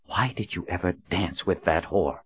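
A man voicing a composed, stern woman leader who speaks in a low, calm, clipped way, on a dull, lo-fi recording. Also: normal speed.

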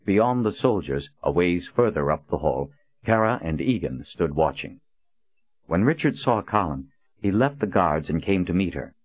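A man narrating a fantasy novel in a measured, even way, on a dull, lo-fi recording. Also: low-pitched, slightly rough. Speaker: audiobook narrator. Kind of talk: scripted narration.

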